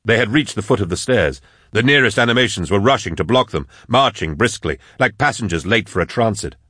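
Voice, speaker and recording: A man narrating an audiobook in a measured, steady read, close on a studio mic. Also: on the low side, no room sound. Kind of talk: scripted narration.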